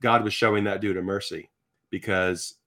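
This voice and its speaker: A man from Virginia, United States, with a fairly low voice speaks at a moderate pace as a guest in an interview, sharing personal stories in conversation. His telling is animated and self-deprecating, with sentences he breaks off and restarts.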